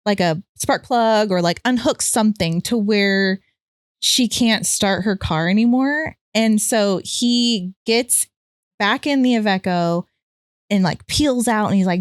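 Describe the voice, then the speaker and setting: A woman's voice: medium pitch, clean tone, no echo, studio quality. A young woman co-hosting a podcast, telling a long personal story in casual chat, full of "like" fillers and swearing. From California. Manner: rambling, many "like" fillers, swears freely. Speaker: podcast co-host.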